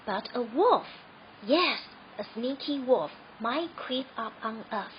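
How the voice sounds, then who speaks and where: A restless young shepherd boy who cries out in alarm, as a woman reads him aloud. The voice sits a little high and the storybook telling is unhurried. The recording is slightly dull, with a faint hiss behind it. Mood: grumbling. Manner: shouts and wails when excited.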